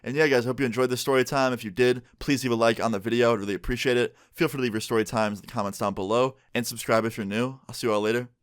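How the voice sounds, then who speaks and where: Fast-talking young man telling a story. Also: medium pitch, steady tone, clear, resonant tone, no echo, studio quality. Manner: rapid, chatty, peppered with "like". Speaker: vlogger. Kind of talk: casual storytime.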